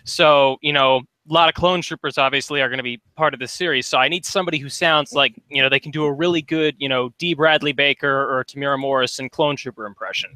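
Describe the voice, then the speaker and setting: Earnest bright-toned young podcast guy. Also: medium pitch, fast, few pauses, no echo. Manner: earnest, with frequent "you know". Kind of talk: casual group chat.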